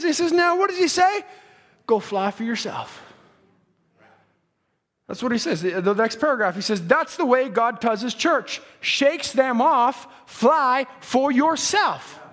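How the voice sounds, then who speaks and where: A male preacher delivering a sermon, swinging from shouted, singsong lines to quiet asides. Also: very high-pitched, sing-song, a little fast.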